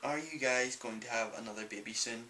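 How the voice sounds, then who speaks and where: A man's voice: medium pitch, fairly quick, sharp tone, a little hiss or hum, low-quality recording. A young man with a Northern Irish accent, answering viewer questions in a casual, rambling vlog full of ums. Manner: chatty and rambling, many ums. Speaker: vlogger.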